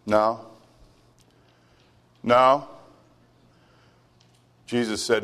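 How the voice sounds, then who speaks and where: A man's voice: medium pitch, moderate pace, long pauses. A male pastor preaching a sermon, emphatic, with many rhetorical questions and stammered restarts.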